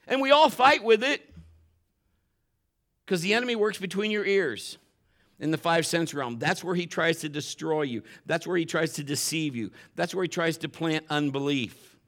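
A man preaching a sermon, often climbing louder and higher when he drives a point home. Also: moderate pace. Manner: impassioned, rises sharply in pitch and volume when stressing points; admits getting emotional while preaching. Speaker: pastor.

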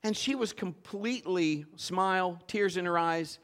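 A male pastor preaching a sermon at a church service, telling a personal story in an animated way and acting out the voices of the people in it. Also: sits high, a little slow.

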